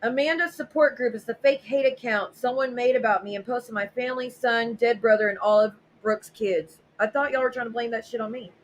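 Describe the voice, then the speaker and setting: A woman's voice: on the high side, fairly even intonation, fairly quick, few pauses, slight background noise, low-quality recording. A woman hosting a casual livestream, reading viewer messages aloud and reacting bluntly and sarcastically, with frequent swearing. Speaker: livestream host.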